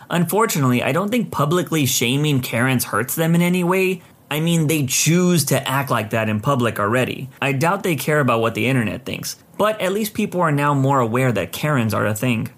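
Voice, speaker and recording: A man narrating a first-person story in an even, measured scripted reading. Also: on the high side.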